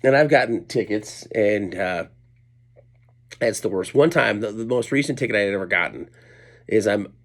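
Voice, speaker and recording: A man's voice: lowish voice, expressive, normal speed, long pauses. A middle-aged man and comedian telling a rambling, self-deprecating story at home late at night, full of asides and restarts. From Colorado, USA. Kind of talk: casual storytelling monologue.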